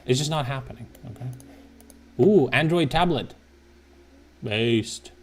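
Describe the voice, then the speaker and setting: A man's voice: mid-range voice, lively intonation, a little slow, a little hiss or hum. A man casually thinking aloud as a streamer, slangy and profane, with sudden exclamations. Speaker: streamer browsing car listings. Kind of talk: casual live commentary.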